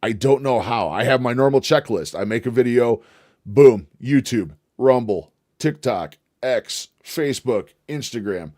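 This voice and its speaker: A man chatting on his own livestream in a loose, rambling way. He swears freely and gets excited as he reacts to videos. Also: mid-range voice, a little slow. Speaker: livestream host. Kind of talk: casual livestream chat.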